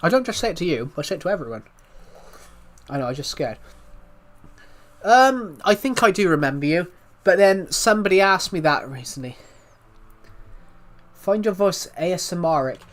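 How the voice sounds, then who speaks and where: A British man streaming live and chatting with viewers, talking calmly with frequent restarts, his voice thick from being slightly ill. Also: sits high, moderate pace, long pauses. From United Kingdom. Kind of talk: casual live stream chat.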